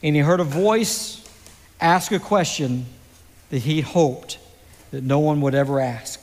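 A man preaching a sermon, telling a story slowly and dramatically with pauses. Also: on the high side, darkish tone, in a large hall. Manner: slow, dramatic delivery with pauses. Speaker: pastor.

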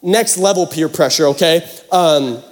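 A youth pastor from Seattle gives a sermon, telling a joking, animated story to the congregation in a large church hall. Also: male voice, fairly high pitch, unhurried, heavy background noise. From Seattle area, United States. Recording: long hall reverb.

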